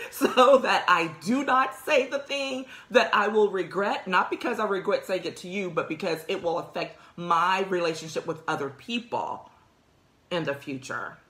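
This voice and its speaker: A woman's voice: on the low side, a bit bright, echoey room. A woman hosting a career podcast, talking through workplace advice in a conversational, emphatic way with frequent laughs. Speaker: podcast host. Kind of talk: casual advice talk.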